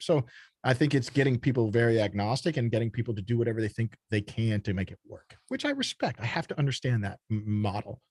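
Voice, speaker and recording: A man's voice: mid-range voice, very animated, quick pace, darkish tone, dry recording. A man from Texas, a company founder, talking bluntly and freely in a casual podcast conversation, swearing often. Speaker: guest, startup founder.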